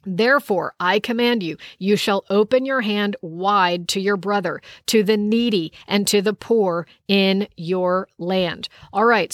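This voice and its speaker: A woman's voice: medium pitch, fairly bright tone, dry recording, studio quality. A woman teaching a Bible study lesson, reading verses aloud and explaining them in an emphatic, conversational way.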